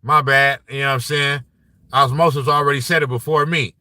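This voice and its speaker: Male sports-stream host, bright and forceful, heated and profane, close dry mic. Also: mid-range voice, brisk, no room sound. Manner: animated, profane, frequent "you know what I'm saying". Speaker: sports show host reading live chat. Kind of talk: casual live-stream sports talk.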